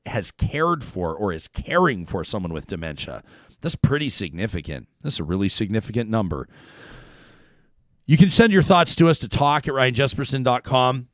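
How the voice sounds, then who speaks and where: A Canadian man hosting a talk show, musing emotionally and then reading an ad in a lively way. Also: on the low side, no room sound, studio quality. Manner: emotional, rambling, then upbeat ad read. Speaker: radio show host.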